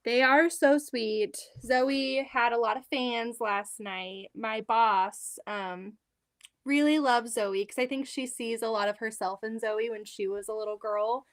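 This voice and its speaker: Woman, 30s, quilting livestream host, slightly high, dry close sound, chatty. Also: measured pace, dry recording. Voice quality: chatty, rambling, reads out viewer comments. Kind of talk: casual chat on a live stream. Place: home sewing room.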